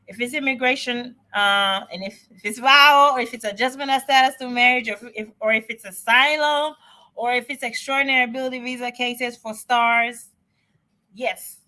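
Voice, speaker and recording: A woman answering immigration questions on a live stream, chatty and excitable, often repeating herself. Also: fairly high pitch, moderate pace. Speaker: immigration advisor.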